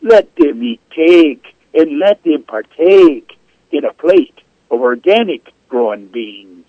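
A man's voice: fairly high pitch, big pitch swings, slow pace, no echo, pitched above the performer's own voice, heavily acted. A man reading a poem aloud with a put-on Jamaican accent, in a rhythmic, chanting delivery. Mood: playful. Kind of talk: poetry reading. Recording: lo-fi radio sound.

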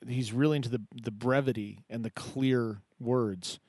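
A man hosts a live poetry open mic in a chatty, halting way, stopping and restarting his sentences. His voice sits at an ordinary pitch and is recorded close and dry. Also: steady tone, darkish tone, no room sound. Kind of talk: casual live show hosting.

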